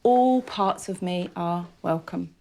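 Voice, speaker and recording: A woman facilitating a group healing retreat, addressing the participants in a measured, soothing way. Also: on the low side, vocal fry, dark tone. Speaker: workshop facilitator.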